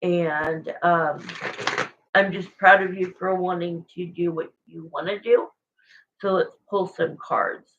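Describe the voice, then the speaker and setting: A woman's voice: fairly low pitch, steady tone, takes it slowly, a bit bright, muffled recording, a little hiss or hum. A woman giving a live tarot reading to viewers in a rambling, emotional, chatty way, searching for words as she goes. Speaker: tarot reader.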